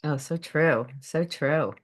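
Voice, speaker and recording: A woman's voice: low voice, takes it slowly. A woman hosting an interview, affirming her guest and asking long, winding questions. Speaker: host.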